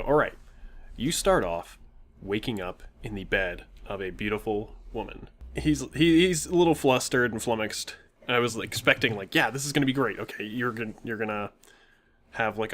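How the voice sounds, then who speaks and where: A young man telling a long tabletop game story in a casual chat, animated and often laughing as he quotes the players. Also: fairly low pitch. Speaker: podcast co-host telling a story.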